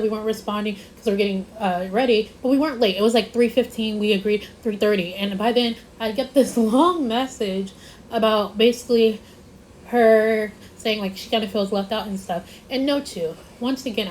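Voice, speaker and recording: A woman's voice: fairly high pitch, a little mellow, a little hiss or hum, poor audio. A young woman vlogger telling a casual storytime, rambling with lots of "like" and stressing her points. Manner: rambling, repeats herself, lots of "like".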